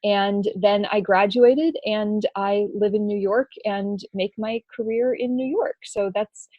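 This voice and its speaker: Animated young woman guest from Los Angeles, dry and close. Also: mid-range voice, measured pace, dry recording, lo-fi sound. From Los Angeles, California. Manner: animated, chatty storyteller. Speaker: guest, performer and writer. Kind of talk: podcast interview.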